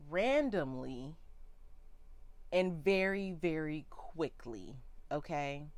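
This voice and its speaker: Brief: young woman vlogger, low voice, slow emotional storytime with repeated words. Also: a bit bright. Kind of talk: personal storytime vlog.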